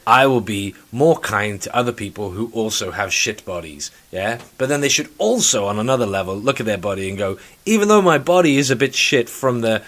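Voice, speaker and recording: A man's voice: lowish voice, animated, a little fast, hardly any pauses, fairly bright tone. A man hosting a casual podcast, ranting and swearing freely and mimicking other people in put-on voices. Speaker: podcast host. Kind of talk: casual chat.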